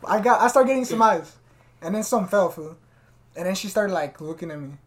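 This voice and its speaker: A man's voice: high-pitched, expressive, a little fast. A man hosting a casual podcast, telling stories in a laid-back, slangy way. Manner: slangy, laid-back, keeps saying "fool". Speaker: podcast host. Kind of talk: casual chat, storytelling.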